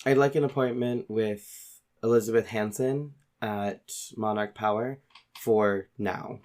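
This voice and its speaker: A man playing a composed, polite young agent in a tabletop game, speaking calmly. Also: fairly low pitch, slow pace. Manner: calm, polite.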